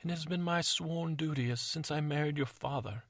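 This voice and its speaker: Man doing a scheming stepmother, higher-pitched, drawn-out, mock-tender, gravelly edge, dry close sound. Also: no room sound. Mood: sweetly pleading. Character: scheming stepmother, also fairy godmother, theatrical.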